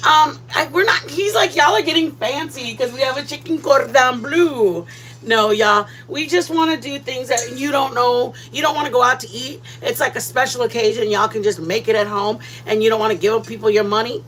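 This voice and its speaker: Chatty high-voiced woman host. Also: fairly quick, few pauses, a bit bright, rough recording. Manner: chatty, greets viewers by name, rambling. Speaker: cooking channel host. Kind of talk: casual cooking livestream chat.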